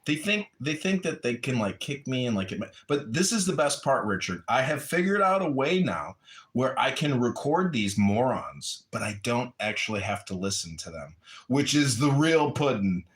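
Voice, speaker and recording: A man's voice: mid-range voice, very animated, moderate pace. Rambling wry man. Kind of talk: casual chat.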